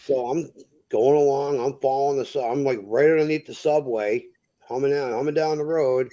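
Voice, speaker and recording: A Massachusetts truck driver tells a crude, lively story in casual conversation, acting out what people said. His voice sits in the mid-range and moves at a moderate pace.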